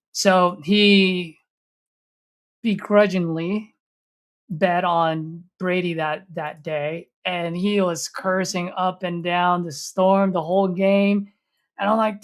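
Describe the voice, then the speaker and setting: A woman's voice: on the low side, fairly even intonation, a little slow. A woman co-hosting a casual sports chat, telling an easygoing story between brief agreeing replies.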